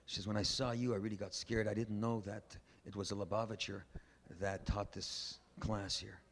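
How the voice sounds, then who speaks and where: A man's voice: lowish voice, flat delivery, normal speed. A man preaching as a rabbi, telling a story and pushing his points with emphatic, preachy bursts. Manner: emphatic, preachy, builds to loud exhortations. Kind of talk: sermon with storytelling. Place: large synagogue hall. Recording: faint background noise, archival event recording.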